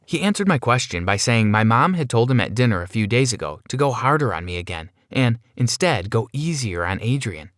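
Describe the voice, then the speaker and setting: A man's voice: medium pitch, sing-song, brisk, few pauses, a bit bright, no echo, studio quality. A man narrating a first-person story in a plain, conversational way, as a scripted voice-over.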